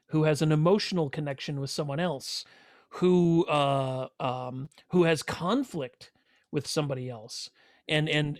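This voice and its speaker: A man runs a tabletop game, narrating the scene in a loose, rambling way full of fillers. His voice sits slightly high. The sound is dry and close, with no room. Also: no echo. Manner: rambling, filler-heavy storytelling. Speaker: game master.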